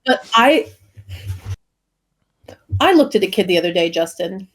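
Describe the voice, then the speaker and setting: A woman podcast co-host and teacher chatting in a quick, excitable way. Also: medium pitch. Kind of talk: casual chat.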